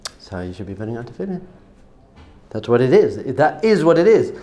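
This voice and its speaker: A middle-aged man teaching a Torah class, acting out cheering crowds with gasps and sudden shouts. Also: mid-range voice, very animated, a little fast, lo-fi sound, a little hiss or hum.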